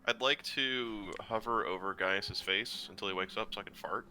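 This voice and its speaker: A man's voice: fairly low pitch, moderate pace, background noise. A man as a player in casual tabletop role-play, joking and playful.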